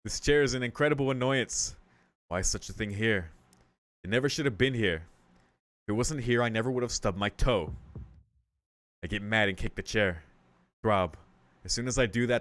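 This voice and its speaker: A man's voice: on the low side, moderate pace, long pauses, fairly bright tone, dry recording. A young man hosting a let's play, reading a visual novel aloud and rambling through casual, profane commentary. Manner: rambling and profane, full of "like" and "dude".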